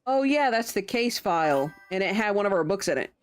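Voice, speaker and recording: A woman's voice: mid-range voice, animated, brisk, faint music behind. A young woman streaming a game, chatting casually and laughing often as she comments on the story. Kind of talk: casual let's-play commentary.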